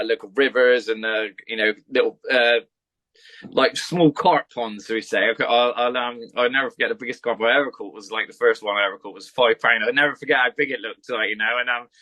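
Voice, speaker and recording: A man's voice: mid-range voice, fairly quick, pushed and bright. A man, a podcast guest, rambling through a story in casual chat and swearing freely.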